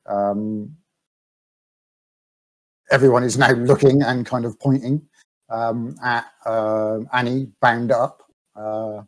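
A man narrating as game master of a tabletop role-playing game, pausing often and chuckling now and then. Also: mid-range voice, rough recording. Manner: hesitant, many ums, chuckling.

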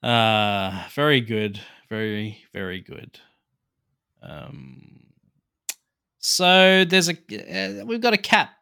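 A man's voice: mid-range voice, animated, extremely slow, gravelly, pauses often, bright, forceful tone, clean tone. A man co-hosting a casual movie podcast, rambling with many fillers and laughing easily. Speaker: podcast co-host. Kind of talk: casual movie-review chat.

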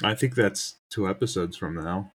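A man's voice: low-pitched, normal speed, slightly rough. Laid-back man co-hosting a chatty podcast. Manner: relaxed, rambling, laughs often. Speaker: podcast co-host. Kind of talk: casual chat.

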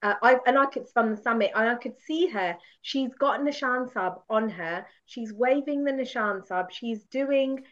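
A woman's voice: fairly high pitch, moderate pace, few pauses. Woman, guest, candid storytelling, self-mocking, laughing, dull lo-fi sound. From United Kingdom. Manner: animated, laughing self-mockery.

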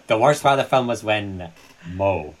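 Low, husky-voiced woman, blunt. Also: expressive, moderate pace, poor audio. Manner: blunt, swears casually. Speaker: podcast co-host. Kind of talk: casual film chat.

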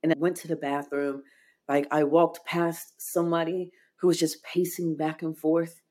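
Earnest woman guest, low voice, heartfelt storytelling with lots of "like". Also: flat delivery, normal speed, mellow. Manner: earnest, heartfelt, frequent "like" fillers. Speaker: podcast guest. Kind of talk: emotional personal storytelling.

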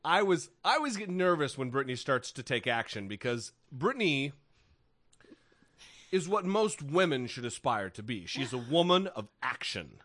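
A man's voice: medium pitch, very animated, normal speed, a bit bright, no echo. Wry, rambling man podcasting. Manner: rambling, wry, swears freely, many restarts. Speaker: podcast co-host. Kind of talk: casual chat.

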